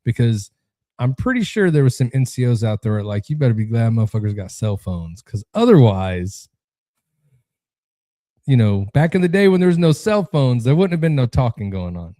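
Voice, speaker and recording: Blunt, profane podcast host with a dark voice. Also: male voice, medium pitch, normal speed, no room sound. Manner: blunt, profane, animated ranting. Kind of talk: casual chat.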